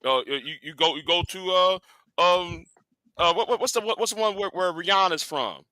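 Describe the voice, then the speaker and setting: A man on a casual panel who talks haltingly, searching for words and trailing off. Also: sits high, a crowd in the background. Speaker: podcast panelist. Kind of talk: casual chat.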